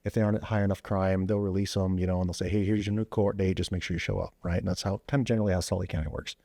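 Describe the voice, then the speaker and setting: A man's voice: low-pitched, flat delivery, very fast, warm tone, no echo. A man, a former police officer and veteran, casually telling a story as a podcast guest, with loose fillers and quoted dialogue acted out with sudden voice jumps. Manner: loose, with many fillers like "you know" and "like".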